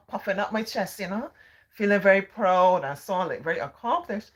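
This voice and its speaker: A woman's voice: medium pitch, fairly quick. A middle-aged woman from Barbados with a Barbadian accent, telling a story in a drawling, sing-song way. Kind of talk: storytelling talk.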